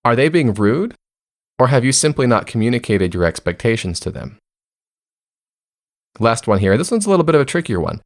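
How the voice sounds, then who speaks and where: A man's voice: mid-range voice, big pitch swings, fairly quick, long pauses. A man hosting a self-help podcast, speaking conversationally and often putting questions to listeners. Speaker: podcast host.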